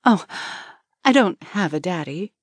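Casting: a rattled young woman in a storybook, read by a woman in her own low voice. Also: lively intonation, measured pace, dry recording. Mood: flustered. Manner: blurts and mutters when flustered.

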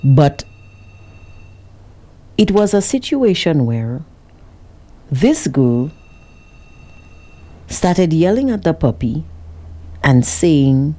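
A woman vlogger telling her viewers a dramatic story, with an animated, expressive delivery. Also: low-pitched, drawn-out words, pauses often. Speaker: vlogger working with a cameraman.

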